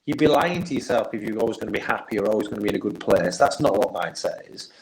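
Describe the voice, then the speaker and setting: A man's voice: fairly low pitch, expressive, fast talker, poor audio. A man who works as a mindset and performance coach, chatting casually as a podcast guest and telling earnest, motivational anecdotes.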